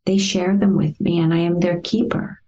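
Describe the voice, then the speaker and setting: A woman therapist in an interview, telling a client's story and acting out the past conversations in a gentle, lively way. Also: lowish voice, moderate pace, highs cut off. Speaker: therapist guest.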